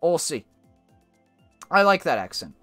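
An American man streaming a racing game, chatting in a rambling, animated way with frequent restarts. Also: on the high side, normal speed, faint music behind. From United States. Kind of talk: casual gaming chat.

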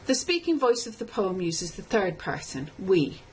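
A woman lecturer giving a scripted tutorial, explaining step by step in a measured way and reading lines of verse slowly. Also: medium pitch, sing-song, a little hiss or hum, rough recording. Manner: measured, explanatory, reads poem aloud slowly. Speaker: literature lecturer.

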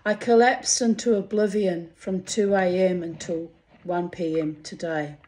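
A woman, reading her old diary entries aloud to her viewers and breaking off into candid, chatty asides, clearing her throat now and then. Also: fairly low pitch, steady tone, measured pace, mellow. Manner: candid, muses aloud, swears freely, frequent throat-clearing.

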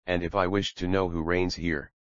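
A proud young man questions curtly and jealously, as a male reader puts him on. His voice sits very low. The recording is dry and somewhat muffled. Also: flat delivery, normal speed, fairly bright tone, clean tone, no echo. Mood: demanding.

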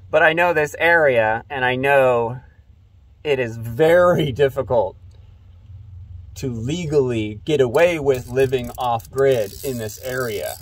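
Slow, rambling man telling a story. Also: mid-range voice, dry recording. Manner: recounts conversations, many fillers, slow and rambling. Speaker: commentator. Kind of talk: casual storytelling monologue.

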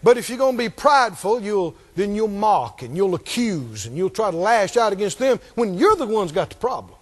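A man's voice: sits high, normal speed. A man preaching a sermon as pastor, calling out to the congregation and acting out the voices of Bible characters. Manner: animated, calls out to the congregation, acts out Bible voices.

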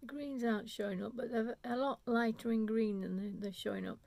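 Gravelly-voiced chatty woman vlogger. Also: on the high side, fairly even intonation, fairly quick, a little mellow, dry recording. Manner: enthusiastic, rambling, self-interrupting. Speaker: knitting vlogger. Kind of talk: unscripted chatty yarn haul.

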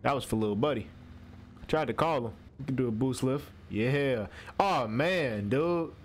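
This young man is a gaming streamer narrating a horror game, talking right to the on-screen character in an animated, jumpy, slangy way. His voice is medium in pitch at a normal speed, with a little hiss or hum.

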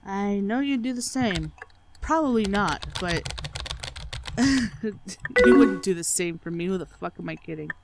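Sarcastic woman gamer over loud music. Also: mid-range voice, expressive, a little slow, long pauses, poor audio. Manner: sarcastic, swears freely, reads game chat aloud. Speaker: let's play gamer. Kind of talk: game playthrough commentary.

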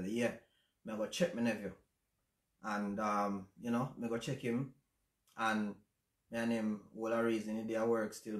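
A man with a Jamaican accent hosting a casual livestream chat, speaking in a reflective, halting way with many fillers. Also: fairly low pitch. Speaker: channel host. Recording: roomy echo.

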